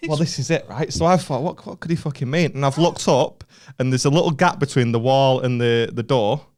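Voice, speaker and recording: A man with a northern English accent, a comedian co-hosting a podcast, telling a story in casual chat, swearing freely and animated. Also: mid-range voice, a little fast. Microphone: podcast studio mic.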